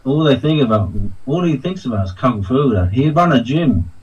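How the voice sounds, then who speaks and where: A man's voice: medium pitch, very animated, normal speed, a little mellow, slightly rough, far from the mic, dull audio. A man telling stories in a casual chat, acting out what other people said. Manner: anecdotal, acts out quoted people with laughs. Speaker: podcast guest.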